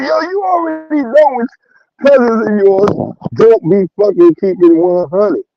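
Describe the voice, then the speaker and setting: A man's voice: high-pitched, measured pace, muffled recording. A man hosting a livestream, giving loose, profane commentary with bursts of laughter. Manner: animated, profane, laughing storyteller. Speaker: livestream host. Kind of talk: casual commentary.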